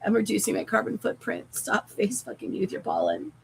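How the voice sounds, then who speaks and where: A woman's voice: a little high, lively intonation, a little fast, creaky, slight background noise, rough recording. A woman chatting casually on a live stream while sewing, rambling and swearing lightly, her voice cracking and giving out. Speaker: crafting livestreamer.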